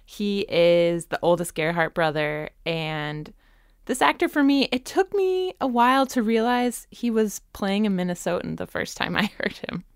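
A woman's voice: medium pitch, big pitch swings, normal speed, clean tone, no room sound. A woman hosting a radio talk show, asking curious, engaged questions.

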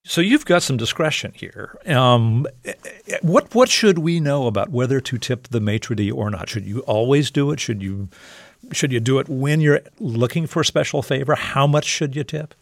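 A man's voice: medium pitch, lively intonation, moderate pace, vocal fry, no room sound. Man asking curious interview questions. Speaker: radio interviewer. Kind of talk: radio interview.

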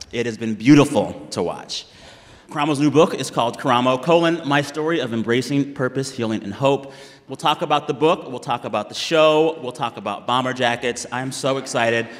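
Upbeat man hosting on a stage. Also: mid-range voice. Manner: playful, laughing, upbeat. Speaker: host, interviewer. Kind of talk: live stage conversation. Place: large hall with live audience. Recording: live hall reverb, audience.

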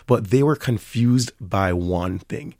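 A middle-aged man with a Jamaican accent talks in an upbeat, easygoing way, with a lowish voice. He laughs often as he chats in an interview. The sound is dry and close. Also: slow pace, darkish tone, no room sound. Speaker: restaurant owner and chef. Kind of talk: interview conversation.

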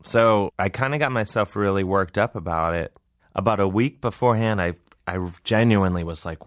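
A man's voice: low-pitched, a little fast, no echo, studio quality. A man who is a comedian, telling a story in a casual interview, rambling and self-deprecating. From Cleveland. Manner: rambling, self-deprecating, acts out voices in quotes. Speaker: comedian guest.

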